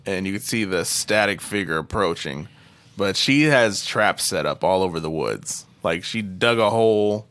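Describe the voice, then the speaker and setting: A young man tells a horror film's plot to his friends in a loose, profane way and laughs along. His voice is low-pitched but bright and forward. The sound is dry and close. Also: dry recording. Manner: profane, animated retelling with laughs. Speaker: podcast co-host recapping a film. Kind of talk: casual chat.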